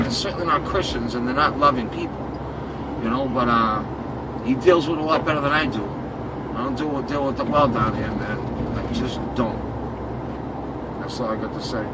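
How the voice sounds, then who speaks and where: A man from Boston riding as a taxi passenger, ranting with emphatic, profane talk and repeating himself. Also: on the high side. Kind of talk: heated personal rant. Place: inside a taxi cab. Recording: distant voice under loud road noise. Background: road and engine noise.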